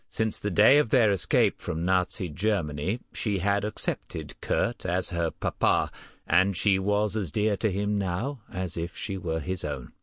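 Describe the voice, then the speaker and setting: A man narrating an audiobook in a measured, even way. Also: low-pitched, dry recording, clean studio sound. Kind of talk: scripted narration.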